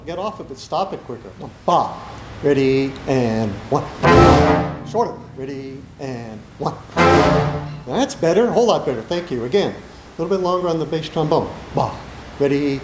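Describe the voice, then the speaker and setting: A man leads a band rehearsal, counting off beats and singing out rhythms to the players. His voice rings through an echoey rehearsal room. Loud band instruments play behind him. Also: fairly high pitch. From Utah. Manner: counts aloud and sings rhythms. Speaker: student conductor. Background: band instruments playing.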